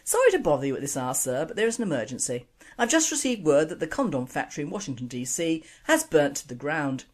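A woman reading the quick, hushed lines of a nervous aide calling the president at night in a joke. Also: deep voice, sing-song. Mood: urgent.

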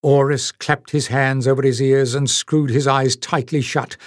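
A man reading fantasy audiobook narration in a measured, dramatic way. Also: medium pitch, level tone, no echo, studio quality.

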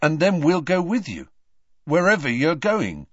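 Bloke doing a loyal mouthy teen boy, a bit higher, eager, dull dry audiobook sound. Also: big pitch swings, measured pace, fairly bright tone, no echo, heavily acted. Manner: eager, raised pitch, informal. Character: loyal, blunt teenage boy, excitable.

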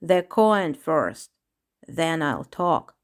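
A woman voicing a spiteful male clown ostrich villain in a storybook, talking slowly and with menace. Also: medium pitch, lightly acted. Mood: wicked, spiteful. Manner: slow, menacing, smirking. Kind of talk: storybook reading.

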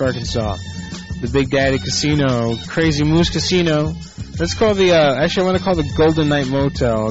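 Man, prank call show host, foul-mouthed, rambling, muffled lo-fi sound, music underneath. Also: medium pitch. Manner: profane, rambling, off-the-cuff. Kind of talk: casual live show banter. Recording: muffled lo-fi internet radio.

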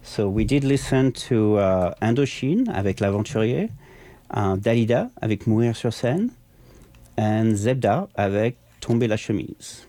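A man's voice: fairly low pitch, lively intonation, measured pace, dark tone, no room sound. A man hosting a community radio show, asking questions in a hesitant, easygoing way. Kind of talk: casual radio interview.

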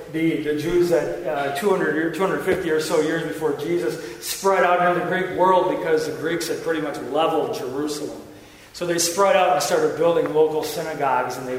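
A male pastor preaching a sermon, emphatic and repetitive, with joking self-mocking asides to the congregation. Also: on the high side. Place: church sanctuary. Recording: echoey church hall from far off, faint noise.

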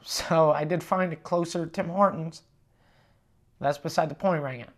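A man hosts his own podcast, spinning a story from the road in a casual, swearing style. He quotes the people he talked to as he goes, shifting between plain narration and animated bits of dialogue. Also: fairly high pitch, normal speed. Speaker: touring comedian and podcast host.

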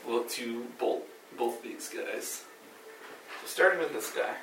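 A man's voice: mid-range voice, slow. Man making goofy sound effects at the table. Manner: reads out rolls, makes silly sound effects. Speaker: player. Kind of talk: casual tabletop play. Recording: roomy table recording, mic far off, noisy.

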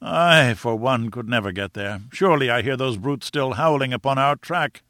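A man's voice: medium pitch, normal speed, sharp tone, no echo, studio quality. A man voicing a tired, grumbling older scientist in an audiobook. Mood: weary.

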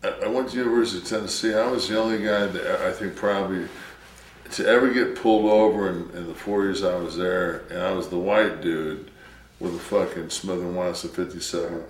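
A man from Detroit telling rambling stories in casual, profane chat, swearing constantly. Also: low-pitched. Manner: rambling, heavy swearing, storytelling. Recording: roomy sound from a distance with faint noise.

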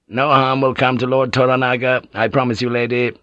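A man's voice: medium pitch, little pitch movement, fairly quick, a bit bright, dry recording, pitched above the performer's own voice, natural voice. A man reading an audiobook, voicing a stern old samurai general who speaks bluntly and gives orders. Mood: commanding. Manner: blunt, commanding. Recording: dull, dry audiobook tape.

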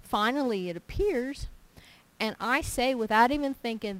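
A woman with a voice on the high side, speaking at normal speed, gives an informal sermon full of personal stories, emphatic and repeating her key points. As she preaches, she acts out little dialogues in her own voice. The recording is dry and low in quality.

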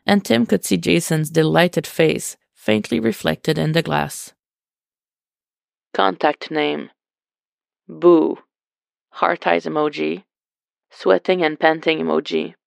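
A woman narrating a podfic in a steady, wry read. Her voice is lowish and very gravelly. The recording is close and dry. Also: dry recording. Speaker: podfic reader. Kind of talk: storybook narration.

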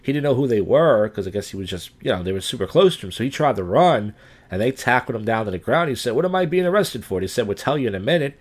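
A man's voice: on the low side, expressive, fast, breathy edge. Crude rambling male streamer. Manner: crude, rambling, with off-the-cuff jokes. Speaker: live streamer. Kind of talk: casual live-stream commentary on odd news.

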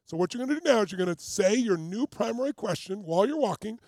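A man's voice: high-pitched, lively intonation, quick pace, darkish tone, no echo, clean studio sound. A man as a motivational coach, leading a live group exercise with urgent, commanding, repeated cues.

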